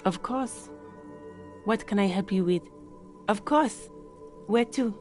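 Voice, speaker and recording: A woman's voice: mid-range voice, slow pace, darkish tone, faint music behind, lightly acted. An actress playing a wary woman in a video game who speaks in a guarded, questioning way. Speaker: game character.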